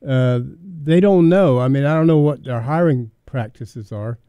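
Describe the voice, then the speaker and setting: A man chatting casually in a steady, unhurried way, pausing with "uh" and "um". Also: mid-range voice, clear, resonant tone, dry recording, phone-quality sound. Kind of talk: casual chat.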